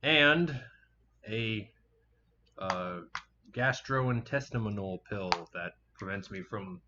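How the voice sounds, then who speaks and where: A man with a fairly low voice talks in a loose, rambling way, swearing often and filling gaps with "like" and "um". The recording is dull and lo-fi, with a faint hiss underneath. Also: takes it slowly. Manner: rambling, swears freely, frequent fillers. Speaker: podcast host. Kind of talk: casual chat. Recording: muffled lo-fi home recording.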